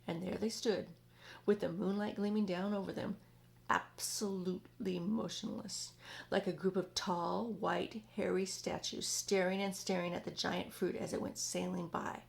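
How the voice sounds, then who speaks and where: A woman reading a children's book aloud in an expressive, dramatic way. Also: fairly low pitch, measured pace, vocal fry. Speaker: storyteller.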